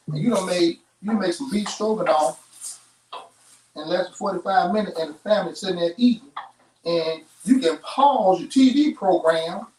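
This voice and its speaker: Cooking host, male, chatty and down-home, fairly high voice, distant roomy sound. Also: a little hiss or hum. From Chicago. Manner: chatty, folksy, talks straight to viewers. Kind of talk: live cooking demonstration. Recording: roomy kitchen, off-mic.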